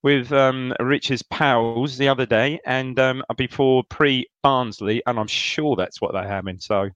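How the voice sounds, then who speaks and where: A man's voice: medium pitch, fairly even intonation, unhurried, fairly bright tone, dry recording, highs cut off. A man co-hosting a casual football chat, enthusiastic but hesitant, with many ums. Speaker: podcast co-host.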